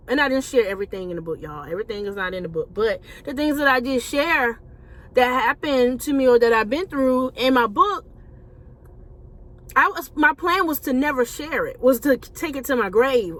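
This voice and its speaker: A woman's voice: high-pitched, lively intonation, normal speed, a bit bright. A woman, a Christian life coach and author, telling her personal story to viewers in a conversational way, calling them y'all.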